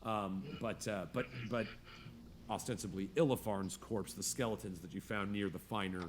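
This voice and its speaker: A man's voice: lowish voice, steady tone, moderate pace, a little hiss or hum. A man narrating a tabletop game as game master in a casual, rambling way full of fillers.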